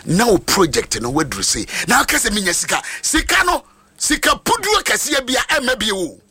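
A man with a Ghanaian accent preaching a sermon with passion, swinging between chanted lines and shouts. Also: high-pitched, huge pitch swings, brisk, breathy edge, no echo. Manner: impassioned, switching between Twi and English, sing-song shouting.

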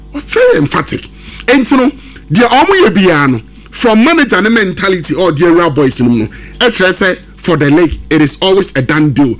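Animated high-voiced Ghanaian pundit. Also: male voice. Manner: excited, emphatic, mixes English and Twi. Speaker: football pundit. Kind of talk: radio sports discussion.

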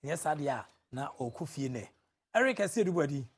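A man's voice: on the high side, big pitch swings, fairly quick, breathy edge. A man with a Ghanaian accent hosting a contest show and announcing contestants. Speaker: host.

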